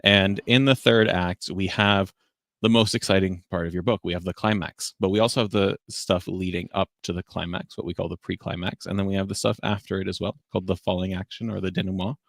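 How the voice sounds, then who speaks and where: A male host with a low, gravelly voice chats casually on a live stream, laughing often as he talks. The sound is close and dry. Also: steady tone, fairly quick, a bit bright, no room sound.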